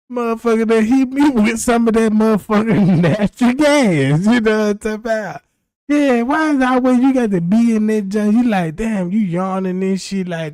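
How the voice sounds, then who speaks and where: High-pitched and animated with a darkish tone, the livestream host speaks at normal speed. He spins loose, profane, rambling comic stories, regularly asking his audience "you know what I'm talking about." The audio is dry and studio quality.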